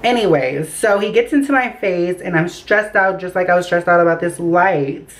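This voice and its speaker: A young woman telling a story casually in her bedroom, animated and acting out the quotes. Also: on the low side, moderate pace, slight background noise, rough recording. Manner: animated, acts out quotes with voices. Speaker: storytime vlogger. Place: bedroom by a window.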